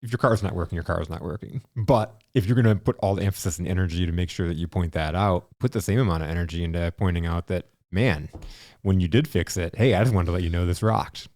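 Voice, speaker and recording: Deep-voiced, earnest male podcast host. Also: fast, a little mellow, no room sound. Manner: earnest, affirming, reflective. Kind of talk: conversational podcast commentary.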